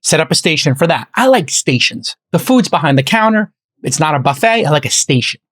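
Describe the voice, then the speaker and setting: Fast-talking animated male podcast host. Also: a little high. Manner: animated storyteller acting out both sides of conversations. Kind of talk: casual chat.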